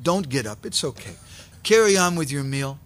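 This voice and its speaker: A man voicing a restless, mischievous young boy who speaks in a loud, commanding way. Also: mid-range voice, sing-song, normal speed. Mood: calm. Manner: loud declaiming, thunderous.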